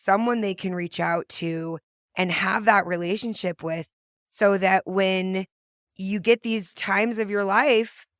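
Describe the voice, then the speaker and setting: A woman's voice: mid-range voice, fairly bright tone. Bubbly, effusive woman podcast host. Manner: bubbly and effusive, laughs often. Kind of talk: casual podcast chat.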